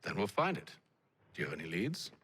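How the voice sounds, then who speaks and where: A cool, commanding leader from a video game. He speaks curtly with a lively pitch. Clear noise sits under the audio. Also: fairly quick, exaggerated voice. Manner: curt, controlled.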